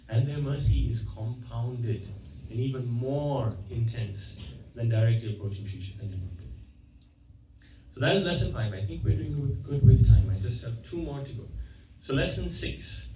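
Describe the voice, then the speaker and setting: Mellow-voiced man lecturing in an echoey temple hall. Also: mid-range voice, slight background noise. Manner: retells stories, acting out quoted dialogue; conversational, with frequent self-corrections. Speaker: guest speaker at a temple. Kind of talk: devotional lecture with storytelling. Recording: echoey, distant, dull-sounding hall recording.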